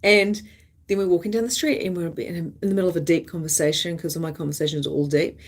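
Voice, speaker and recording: A woman's voice: on the low side, fairly even intonation, fast. A woman psychic medium hosting a live stream, chatting casually in a rambling, candid way and swearing freely.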